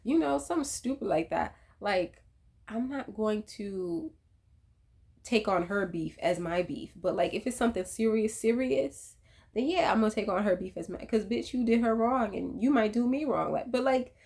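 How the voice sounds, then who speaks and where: A woman casually recapping a reality TV episode, animated and profane, with laughing asides. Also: mid-range voice, moderate pace, vocal fry. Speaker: reality TV commentator.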